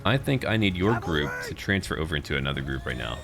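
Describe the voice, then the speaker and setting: A man's voice: a bass voice, big pitch swings, fast talker, creaky, music in the background. A man giving casual let's-play commentary, chatty and playful, thinking aloud as he plays. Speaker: gameplay commentator.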